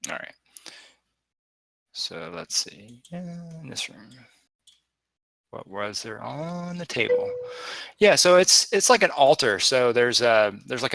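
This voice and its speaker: A man narrating a tabletop game as game master, with halting, filler-heavy narration. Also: medium pitch, creaky, pushed and bright, no room sound.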